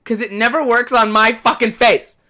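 A man's voice: very high-pitched, fairly even intonation, moderate pace, bright, forceful tone. A man hosting a podcast, talking in a casual monologue, with a profane, exasperated, comic ranting manner. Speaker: podcast host.

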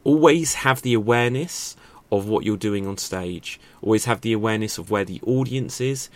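It's a relaxed spoken lesson on acting, delivered to camera by a man whose voice sits fairly low and whose pace is normal. Thinking out loud as he goes, he asks many rhetorical questions and uses plenty of fillers.

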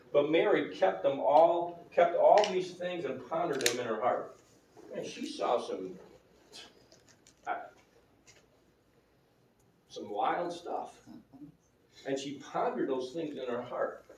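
A man's voice: fairly high pitch, very animated, unhurried, a little mellow, slight background noise. A male pastor preaching a sermon in a conversational way, asking the congregation questions. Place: church sanctuary. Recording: roomy church hall, mic at a distance.

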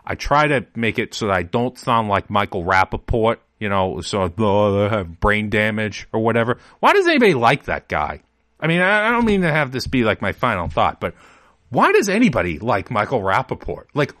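Brief: male podcast host, low voice with plenty of swing, dry close mic, chatty and digressive. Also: fairly bright tone, no room sound. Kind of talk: casual solo podcast talk.

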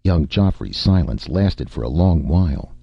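A man narrating an adventure story with dramatic, lively delivery and a gravelly, husky voice. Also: low-pitched, unhurried, no echo. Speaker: audiobook narrator. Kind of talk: scripted narration. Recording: dull lo-fi recording.

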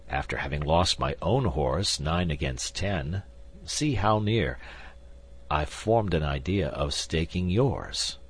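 Wry, unbothered musketeer, low and husky, as a male reader plays him. Audiobook reading. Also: takes it slowly, full character voice. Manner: calm, drawling and wry. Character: coolly indifferent older male musketeer, wry gambler.

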